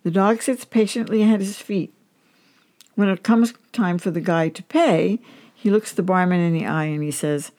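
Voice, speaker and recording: A woman's voice: sits low, moderate pace, creaky, a little mellow. A woman hosting a podcast, telling dog jokes in a chatty, amused way. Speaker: host.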